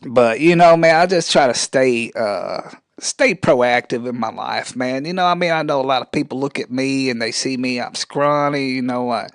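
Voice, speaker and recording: A man puts on a scrawny, rambling man with a drawl, tacking "man" onto every phrase and tripping over his words when he speeds up. He is touchy and gets riled up fast. The voice sits at a middle pitch in a dry, close room. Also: clear, resonant tone, no room sound, close to an everyday voice. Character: scrawny rambling country man with thinning hair.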